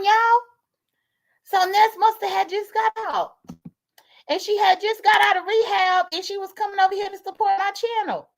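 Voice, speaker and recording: A woman's voice: extremely high pitch, steady tone, normal speed. A woman livestreamer chatting casually, thanking viewers by name and commenting on an old clip.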